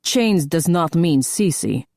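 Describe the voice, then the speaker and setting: A stubborn male hockey player, insisting in broken English, as a woman narrator puts him on. The voice is low and dry. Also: expressive, slow, darkish tone, dry recording.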